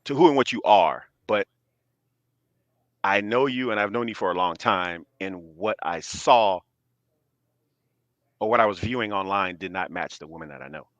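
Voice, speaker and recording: A man in his forties, a podcast guest in casual chat, speaking earnestly and at a measured pace, often checking in with "right?". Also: lowish voice, fairly bright tone, dry recording, lo-fi sound.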